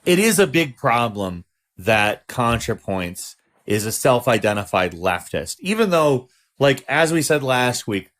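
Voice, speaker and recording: A man's voice: medium pitch, very animated, a little slow, fairly bright tone. A man co-hosting a podcast, arguing his political points in a heated, emphatic way. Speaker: podcast co-host. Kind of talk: casual political discussion.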